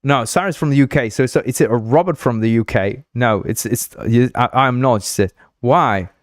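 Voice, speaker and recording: A man from Uruguay chats on his livestream at a mid pitch, rambling, joking and laughing as he goes. He stumbles and restarts his sentences often. His voice sounds dry and close, with no room around it. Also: fairly quick, no echo. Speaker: livestream host. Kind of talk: casual livestream chat.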